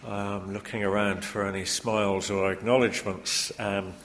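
A man speaking to an audience in a casual talk, halting with many pauses and fillers. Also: on the low side, level tone, a bit bright, long reverb tail.

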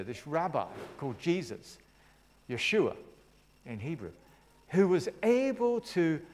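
A man's voice: fairly high pitch, a little mellow. A man preaching a sermon, retelling a story with dramatic flair and friendly asides to the congregation.

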